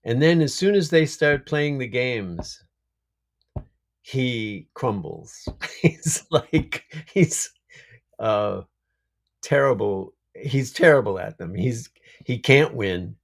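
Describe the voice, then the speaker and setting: A man, an actor being interviewed, speaking in an unhurried, reflective way and laughing often over a video call. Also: mid-range voice, animated, gravelly. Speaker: actor guest. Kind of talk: casual interview chat.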